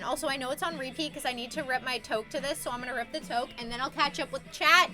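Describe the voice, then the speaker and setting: A woman's voice: sits high, fast talker, hardly any pauses, bright, forceful tone. A woman streaming live, chatting casually with her viewers, rambling and swearing as she gets worked up and reads chat messages aloud. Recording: music playing behind.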